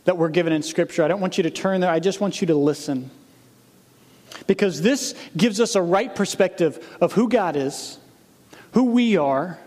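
A man preaching as a pastor, speaking earnestly to his congregation and reading scripture slowly with emphasis. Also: on the high side, a little mellow. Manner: earnest, direct appeals to the congregation. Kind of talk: sermon. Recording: long hall reverb.

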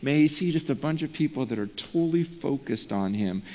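A man's voice: medium pitch, animated, a little fast, darkish tone. Pastor, man, earnest conversational sermon delivery, long church-hall reverb. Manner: earnest, conversational preaching, often says "man". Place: church sanctuary.

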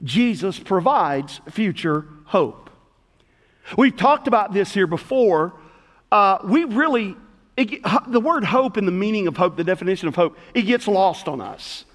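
A middle-aged man preaching as pastor to a congregation in a church, swinging between loud calls and hushed words. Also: high voice, big pitch swings, a little slow. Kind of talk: sermon. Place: church sanctuary. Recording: long hall reverb.

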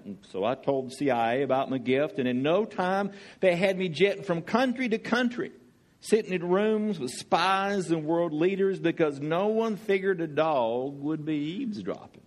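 A man's voice: on the high side, animated, moderate pace, pitched above the performer's own voice, close to an everyday voice. A man voicing a boastful retired old male talking dog who spied for the government, speaking with a folksy Southern drawl.

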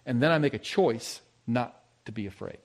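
A male pastor giving a sermon, telling a personal story, moving between loud emphasis and hushed, intimate moments. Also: mid-range voice, lively intonation, normal speed.

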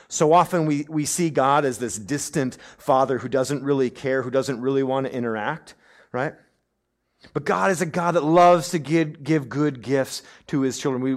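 A young adult male pastor preaching a sermon, swinging from emphatic outbursts to hushed, near-whispered passages, with conversational asides. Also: mid-range voice, normal speed. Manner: conversational, with frequent "right?" asides.

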